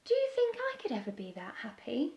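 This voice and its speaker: A lost, fluffy little bird asks plaintive, wondering questions in a very high voice, as a woman reads him aloud. The storybook reading is slow and unhurried. The sound comes back off the walls of an echoey room. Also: sing-song, highs cut off, heavily acted. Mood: excited. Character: small fluffy young bird, lost and unsure.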